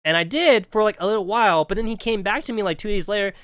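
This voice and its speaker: A man's voice: high-pitched, quick pace, a bit bright, smooth, no echo, studio quality. A man in his thirties telling a rambling, profane story on a game stream, full of "like" and acted-out quotes. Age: 30s.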